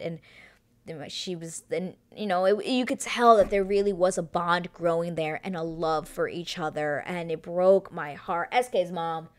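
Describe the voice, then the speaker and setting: Woman recapping a reality show, low-ish voice, chatty, gushing, filler-heavy delivery. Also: steady tone, a little slow. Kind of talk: casual TV recap monologue.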